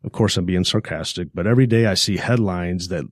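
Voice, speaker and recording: Male podcast host, very low voice, dry close sound, measured scripted delivery. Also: no echo. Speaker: podcast host, financial advisor.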